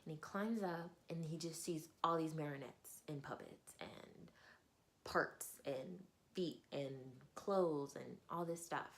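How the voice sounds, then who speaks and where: A woman book reviewer chatting through a novel's plot, slipping into characters along the way. Her voice sits on the low side and stays casual and animated.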